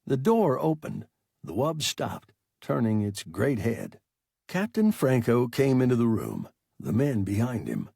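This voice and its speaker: A man narrates a science fiction story slowly and expressively, his gravelly, husky voice rising and falling widely. The reading is close and dry, with no room sound. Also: mid-range voice, wildly swooping pitch, dark tone, no room sound. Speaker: audiobook narrator. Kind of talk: scripted narration.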